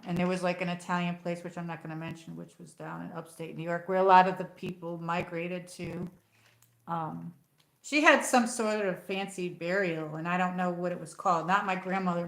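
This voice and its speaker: A woman's voice: on the low side, gravelly, a bit bright. A middle-aged American woman chatting casually on her livestream, rambling and reading viewer comments aloud. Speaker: livestream host. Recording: echoey room.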